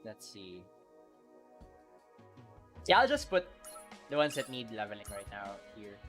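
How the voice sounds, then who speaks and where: A man live-streaming a video game, chatting casually with viewers, excitable and quick to laugh. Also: fairly low pitch, music in the background.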